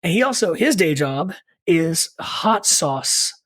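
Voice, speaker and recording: A man's voice: on the high side, sing-song, slow, fairly bright tone, breathy edge. A middle-aged man, a punk band singer who is a podcast guest, telling a long rambling story in casual chat, with many fillers and asides. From Richmond, Virginia, US.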